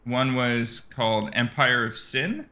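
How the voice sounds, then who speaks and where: A man's voice: mid-range voice, takes it slowly, bright, forceful tone. A young man from Chicago with a Chicago accent, co-hosting a podcast in a jokey, teasing way. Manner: jokey, teasing, drinking beer. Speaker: podcast co-host. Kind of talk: casual chat.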